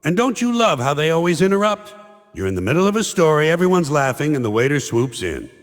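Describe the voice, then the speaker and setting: A man's voice: fairly high pitch, big pitch swings, fast talker, in a large hall. A man performing a stand-up comedy monologue, ranting in a sarcastic, exasperated way and mocking others in put-on quotes.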